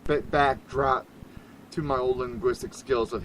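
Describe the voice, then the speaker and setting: Rambling, animated male radio host. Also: medium pitch, unhurried, slight background noise, low-quality recording. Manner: rambling, animated, laughs often, jumps between loud and hushed. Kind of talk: casual talk radio chat.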